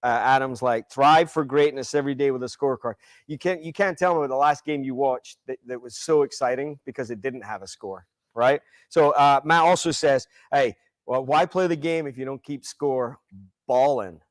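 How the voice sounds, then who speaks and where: A man co-hosting a podcast in casual chat, talking in an enthusiastic, animated way. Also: medium pitch, moderate pace, dry recording, clean studio sound. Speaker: podcast co-host.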